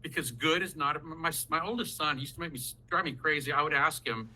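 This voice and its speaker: A man runs a parenting workshop over a video call. His voice is bright and forceful, and he sits a little high in pitch. He talks in a lively, folksy way and acts out parents and children as he goes. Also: brisk, slight background noise, rough recording. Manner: animated, folksy, acts out quoted parents and kids. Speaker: psychologist leading a parent workshop.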